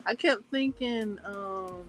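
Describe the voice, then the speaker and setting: A woman's voice: mid-range voice, slow pace, slight background noise, poor audio. A woman hosting her channel, chatting casually in a meandering, hesitant way with many fillers and restarts. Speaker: book club channel host. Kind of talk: casual chat.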